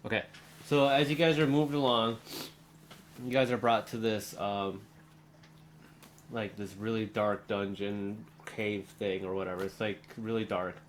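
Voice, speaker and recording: A young man with a low voice runs a tabletop game as game master. He narrates loosely, stringing scenes together with plenty of ums and likes, over a faint hiss of noise. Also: flat delivery, measured pace.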